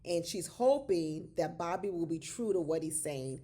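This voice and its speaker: A woman giving casual, animated commentary on a reality show, exclaiming and talking straight to her viewers as y'all. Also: lowish voice, moderate pace.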